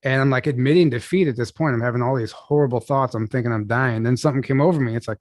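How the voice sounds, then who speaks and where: A man's voice: medium pitch, a little mellow, no echo. Casual man recounting a strange night. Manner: casual, halting, lots of "like" and restarts. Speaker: guest. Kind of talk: storytelling in an interview.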